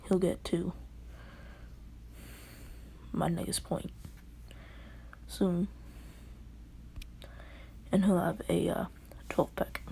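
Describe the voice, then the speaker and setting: A woman casually telling a fan story, rambling and halting, often dropping to a half-whisper. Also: on the low side, flat delivery, vocal fry, mellow.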